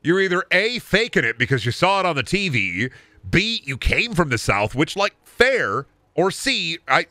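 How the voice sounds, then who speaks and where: A man's voice: a little high, sing-song, moderate pace, bright, forceful tone, dry recording. Rambling Midwestern man streaming games. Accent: Midwestern American. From Iowa, US Midwest. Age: 20s. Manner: rambling, crude and jokey. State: sleep-deprived. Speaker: gaming streamer. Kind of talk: casual livestream commentary.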